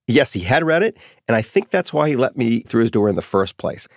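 Middle-aged man telling lively stories. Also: mid-range voice, fairly quick, no echo, clean studio sound. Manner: lively anecdotal storytelling, casual. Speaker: author and interview guest. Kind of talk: storytelling interview.

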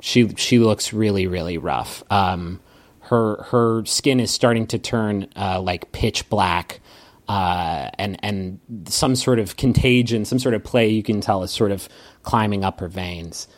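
Low-voiced male game master. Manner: descriptive, unhurried scene-setting. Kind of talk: narrating a tabletop game.

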